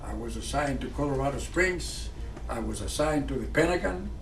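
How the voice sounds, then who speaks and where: A man, a former pilot giving a speech. He talks in halting phrases full of fillers and restarts. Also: mid-range voice, lively intonation, vocal fry, a little hiss or hum. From Greece. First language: Greek. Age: 90s. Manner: halting, with many fillers and restarts, earnest and patriotic. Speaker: guest speaker, retired fighter pilot. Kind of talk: speech to an audience. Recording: echoey room picked up from far off.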